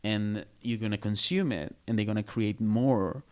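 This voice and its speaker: A man's voice: lowish voice, normal speed, a little mellow. A man, a comedian guest on a podcast, talking casually and searching for his words with many restarts. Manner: laughs easily between points.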